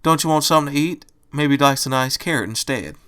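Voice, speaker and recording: A man's voice: mid-range voice, quick pace, sharp tone, pitched above the performer's own voice, natural voice. A man voicing a cheerful farm mare with a Southern accent and a folksy, hearty drawl.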